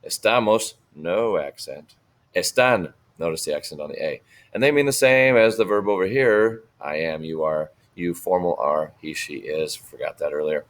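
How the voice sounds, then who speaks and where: A man teaching a recorded Spanish lesson, patiently repeating words slowly for students to copy. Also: very deep voice, lively intonation.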